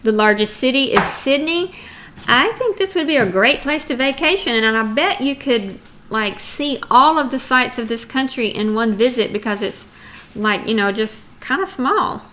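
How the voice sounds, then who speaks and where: A woman's voice: fairly high pitch, bright, forceful tone, slight background noise. A middle-aged woman with a Texan accent teaching a chatty geography lesson to young students in a screen recording.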